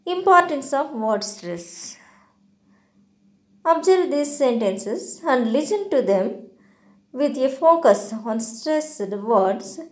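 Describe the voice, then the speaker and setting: Slow, careful woman teaching a lesson. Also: high-pitched, animated. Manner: slow, deliberate explaining with hesitant fillers. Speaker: English teacher. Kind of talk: slide-based grammar lesson.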